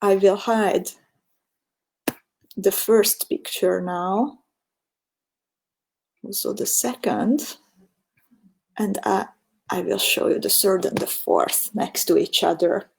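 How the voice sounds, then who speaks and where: A woman's voice: medium pitch, takes it slowly, vocal fry, long pauses. A woman with a Hungarian accent, a native Hungarian speaker, teaching a beading tutorial on a live stream, chatting about viewer comments and giving step-by-step instructions. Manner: chatty, reads viewer comments aloud, laughs often.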